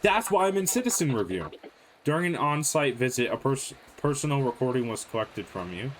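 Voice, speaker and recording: A man's voice: medium pitch, sing-song, brisk, slight background noise. A man playing a horror game, reading its on-screen text aloud and reacting with sudden startled outbursts. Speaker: gaming video creator. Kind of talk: let's play commentary.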